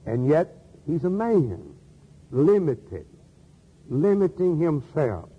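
A man's voice: fairly high pitch, sing-song, takes it slowly, husky, long reverb tail, narrow, tinny audio. A man preaching a sermon in an earnest manner, asking rhetorical questions and repeating key phrases.

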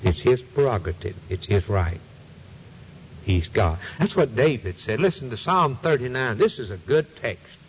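Guy preaching a sermon, husky voice, pitch swinging all over, quoting old scripture lines. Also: big pitch swings, moderate pace, big-room sound, poor audio.

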